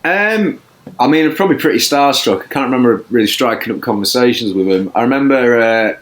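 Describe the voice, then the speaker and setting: A man's voice: mid-range voice, animated, fairly quick. A man, a podcast guest chatting casually, rambling and self-deprecating with many restarts. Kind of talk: casual chat.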